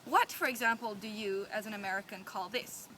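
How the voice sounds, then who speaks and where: A woman with an Australian accent giving a playful, deliberate lesson outdoors near a tree. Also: mid-range voice, fairly bright tone. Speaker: teacher. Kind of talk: humorous scripted explainer. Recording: noisy outdoor street recording.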